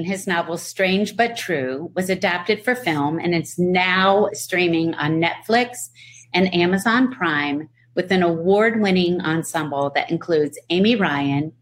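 A woman co-host with a somewhat low voice. She talks about books and releases with easy enthusiasm. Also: poor audio. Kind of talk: casual chat.

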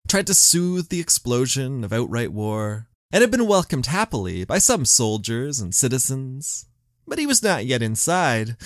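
A man's voice: mid-range voice, no room sound, clean studio sound. A man hosting a history podcast, telling the story in scripted narration with wry asides.

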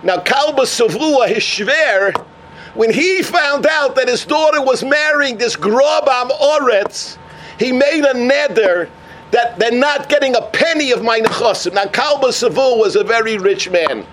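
A man telling stories in a sermon as a Torah teacher, animated, with Hebrew and Yiddish terms woven into his English. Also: very high voice, unhurried. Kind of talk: sermon storytelling.

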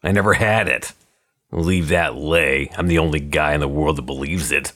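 A man's voice: very deep voice, moderate pace, a bit bright. A man voicing a hard, wary male gangster on the run, in clipped, guarded tough-guy talk. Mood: grim. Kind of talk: audiobook character voice.

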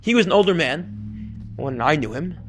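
A man teaching a Talmud class as a rabbi, telling stories in an animated way and swinging between loud and hushed delivery. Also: fairly high pitch, moderate pace, soft background music. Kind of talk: lively classroom lecture.

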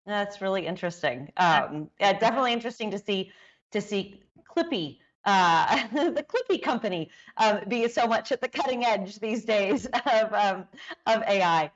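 A woman interviewing a guest, setting up each question with context in a measured, even way. Her pitch sits in the middle of the usual range. The recording sounds somewhat dull and lo-fi. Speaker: interviewer, technology editor.

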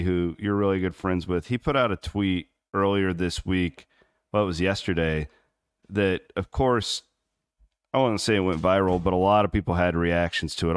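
Low, smooth-voiced man chatting casually. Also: no echo, clean studio sound. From Southwest Iowa. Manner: rambling, filler-heavy. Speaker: podcast co-host. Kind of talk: casual sports chat. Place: on the road in Memphis.

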